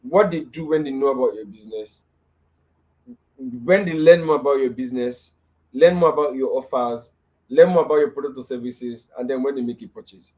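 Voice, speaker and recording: A man's voice: medium pitch, fairly quick, muffled recording. Nigerian man teaching a live webinar. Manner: repeats key phrases for emphasis, asks "right?" often. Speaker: webinar speaker.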